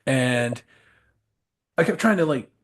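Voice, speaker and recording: A man on a podcast telling rambling, animated road stories, laughing often and swearing freely. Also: medium pitch, takes it slowly. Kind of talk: casual storytelling chat.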